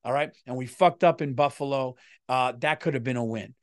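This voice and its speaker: A man's voice: medium pitch, a little fast, no echo, studio quality. Profane New man ranting on his podcast. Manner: profane, animated, swings loud and quiet. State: feeling unwell. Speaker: comedian podcast host. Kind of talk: casual comedic rant.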